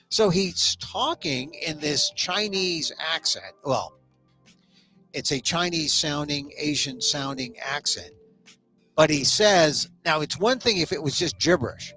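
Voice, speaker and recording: Animated sarcastic man ranting. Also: a little high. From United States. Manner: animated, sarcastic, with quick restarts. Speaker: host. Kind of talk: comedic monologue rant.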